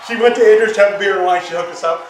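A man hosts a home cooking show full of casual banter, joking and rambling with plenty of fillers and restarts. He talks very fast in a high voice, recorded from a distance in a roomy space with a noisy background.

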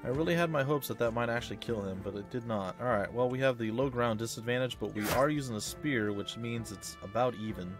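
A man hosting a let's play, giving chatty, excitable gameplay commentary that reacts loudly to hits and misses. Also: mid-range voice, quick pace, few pauses, over music.

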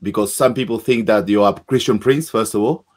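A man's voice: on the low side, a little fast, a little mellow, soft background music. A man hosting a live-stream interview, polite and encouraging.

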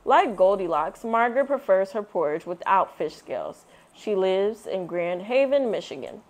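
Expressive woman reading a picture book aloud. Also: medium pitch, normal speed. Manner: expressive storytelling. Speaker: read-aloud host. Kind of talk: children's book read-aloud.

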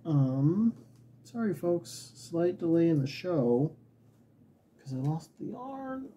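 A man's voice: a little high, sing-song, slow, warm tone, a little hiss or hum. A man hosting a knitting show, talking casually in a chatty, rambling, self-mocking way. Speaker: knitting podcast host. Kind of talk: casual chat.

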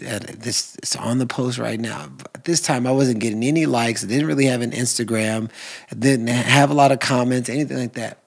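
Casting: husky man, guest on a podcast, earnest, from hushed whispers to loud bursts. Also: medium pitch. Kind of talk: emotional personal storytelling.

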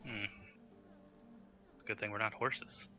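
A man's voice: on the low side, fairly even intonation, slow, bright, forceful tone, rough recording. A man playing a tabletop game, asking curious, hesitant questions in and out of character. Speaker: player.

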